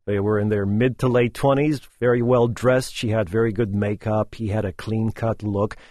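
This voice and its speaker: A man's voice: fairly low pitch, steady tone, normal speed, a little mellow, dry recording, studio quality. A middle-aged man hosting a radio talk show, sardonic and opinionated in his delivery. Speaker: radio host.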